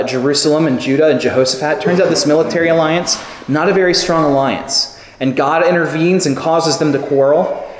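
A man preaching a sermon, telling stories with lively acted-out quotes. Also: a little high. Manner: animated storytelling with acted quotes. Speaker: pastor. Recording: echoey hall with long reverb.

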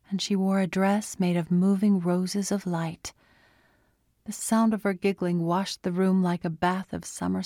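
A woman narrating a story in a hushed, unhurried reading voice. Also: mid-range voice, no room sound, studio quality. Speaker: audiobook narrator. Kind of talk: scripted narration.

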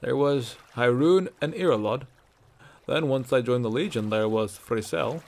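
A man voicing an older male Nord ex-legionnaire who boasts and teases, gruff and matter-of-fact. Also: mid-range voice, normal speed, a little mellow, close to an everyday voice. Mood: joking.

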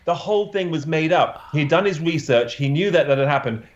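A man who is a portrait photographer, telling a story in an interview, halting often with restarts and "you know" fillers. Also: fairly high pitch, expressive, reverberant, dull audio, crowd noise.

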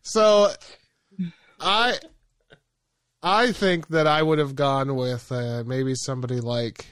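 A man's voice: mid-range voice, steady tone, takes it slowly, fairly bright tone, smooth, no room sound. A young man co-hosting a podcast in casual chat, laid-back and laughing often. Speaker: podcast co-host.

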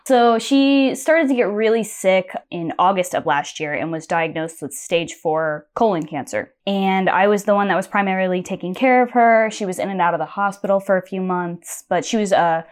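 A young woman telling a personal story as a podcast guest, chatty and full of fillers. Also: on the low side. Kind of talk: casual storytelling.

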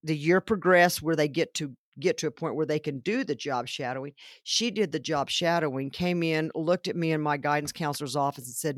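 A woman's voice: low voice, brisk, few pauses, dry recording, studio quality. A woman, a school guidance counselor, talking earnestly about students in an interview. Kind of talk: casual interview talk.

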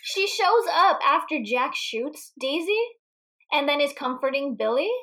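A high-pitched woman talks about a movie in casual podcast banter. She is animated and giggly, and she swears freely as she lays out her suspicions about a character. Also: a little slow. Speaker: podcast co-host.

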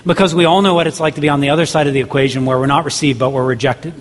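A man's voice: a little high, steady tone, very fast. A man pastor preaching a sermon earnestly, with repeated rhetorical questions. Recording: long hall reverb.

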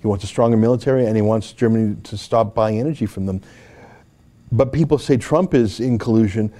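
Man, studio host, dark mellow tone, argues his points hard, lots of "uh" and restarts. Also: fairly low pitch, fairly quick. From Alberta, Canada. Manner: emphatic, argumentative, with frequent fillers and restarts. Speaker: political commentary host. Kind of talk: opinionated commentary.

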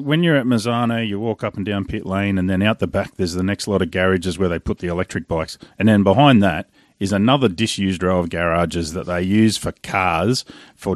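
A man co-hosting a comedy chat, telling mocking stories in an animated way. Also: low voice, normal speed, dry recording, clean studio sound. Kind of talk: comedic storytelling.

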